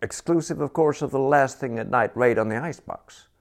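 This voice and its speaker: A man's voice: mid-range voice, a little fast, pitched above the performer's own voice, lightly acted. A man voicing a vague, kindly elderly earl who talks eagerly and fussily. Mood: proud. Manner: eager, fussy, rambling.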